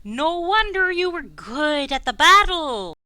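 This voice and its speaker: A woman doing a Bullywug King, high and warbly. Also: big pitch swings, bright, forceful tone, dry recording, studio quality, heavily acted. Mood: chummy. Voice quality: warbly, slow. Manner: grandiose, booming proclamations. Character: pompous warbly frog-riding bullywug king, male.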